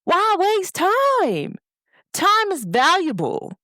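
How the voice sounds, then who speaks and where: A woman's voice: extremely high pitch, huge pitch swings, very slow, bright, forceful tone, no echo, studio quality. A young woman hosting her own show, giving a casual motivational talk with emphasis and speaking straight to her listeners. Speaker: host.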